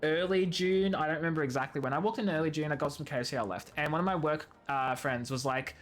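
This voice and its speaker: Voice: medium pitch, quick pace. A streamer in their late twenties chatting casually with viewers, ranting and mocking themselves, swapping swears for "fudging". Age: 20s. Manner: talks to chat by name, self-mocking. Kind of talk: casual live-stream chat while gaming.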